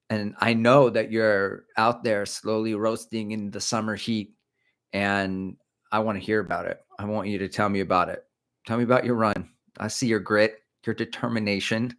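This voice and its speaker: Rambling middle-aged man, lowish voice. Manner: rambling, self-mocking, animated. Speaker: running channel host. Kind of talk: casual livestream chat. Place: indoors, creaky chair.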